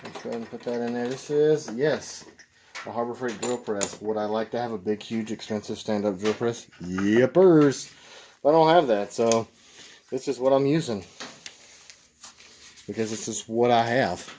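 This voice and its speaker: A man's voice: mid-range voice, moderate pace. A man demonstrating knife making in his workshop, talking casually and rambling with joking asides to viewers. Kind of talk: casual unscripted workshop demo. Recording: noisy workshop with machine noise.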